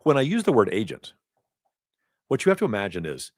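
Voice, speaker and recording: A man teaching a live training class, talking casually with asides and quick self-corrections. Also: lowish voice, huge pitch swings, no echo. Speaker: instructor. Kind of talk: live certification lecture. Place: training event room.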